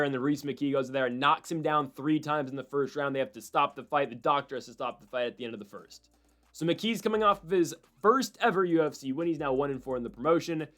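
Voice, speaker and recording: On his one-man fight-prediction show, a male MMA prediction host speaks a little high. Lively and full of opinions, he slips in brief imitations of other voices.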